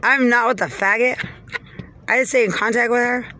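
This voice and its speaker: A woman's voice: fairly high pitch, steady tone, moderate pace, bright, forceful tone, slight background noise. A woman from Texas, ranting from inside her car in an agitated, profane, rambling way. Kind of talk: angry rambling rant.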